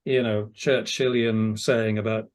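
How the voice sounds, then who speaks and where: A man's voice: fairly low pitch, little pitch movement, measured pace. An older British man, an audiobook narrator, telling stories in a casual, self-deprecating interview chat. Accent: British English. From England. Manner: chatty, anecdotal, self-deprecating.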